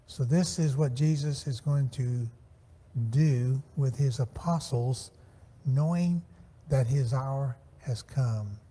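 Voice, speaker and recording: Bible class teacher, male, measured delivery, husky tone, long church-hall reverb. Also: medium pitch, mellow. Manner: measured, slows to stress scripture phrases. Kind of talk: Sunday Bible class lesson.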